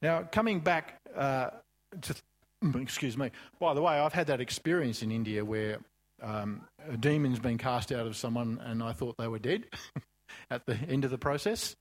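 A man's voice: medium pitch, moderate pace. A man preaching a sermon, telling a story loosely with asides and then rising to fervent emphasis. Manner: loose and chatty, with asides and restarts.

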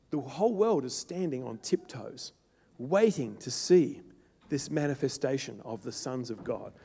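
A man preaching a sermon to a congregation, rising to loud, emphatic peaks and then dropping low and soft. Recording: long reverb of a large hall.

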